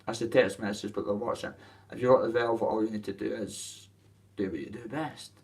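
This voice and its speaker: A boxer with a Dundee Scottish accent talks briskly to camera about his boxing, his casual rant coarse, rambling and full of swearing. His fairly low voice is creaky and darkish, with fairly even intonation, and the mic is distant.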